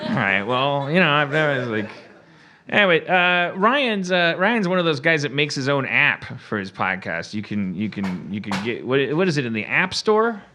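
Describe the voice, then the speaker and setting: A man's voice: mid-range voice, moderate pace, slight background noise. A man hosting a comedy podcast, telling rambling, profane stories in casual chat. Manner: rambling, profane, animated storytelling. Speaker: podcast host.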